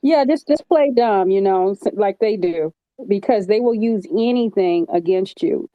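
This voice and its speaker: A woman's voice: mid-range voice, moderate pace, dark tone, no echo, lo-fi sound. A woman hosting a casual chat who speaks frankly and with emphasis. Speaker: host and nurse.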